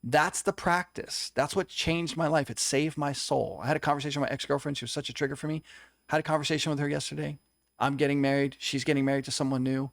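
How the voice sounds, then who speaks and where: A man's voice: fairly high pitch, vocal fry, no room sound, studio quality. Earnest man telling a personal story. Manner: earnest, confessional, tells stories with quoted dialogue. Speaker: co-host.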